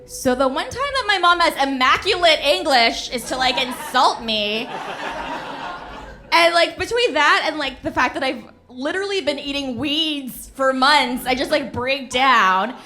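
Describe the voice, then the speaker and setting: Bright, animated young woman storyteller. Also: high voice, unhurried, slight background noise. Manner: animated, laughing, punchy. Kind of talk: live comedic storytelling. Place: stage of a live venue before an audience.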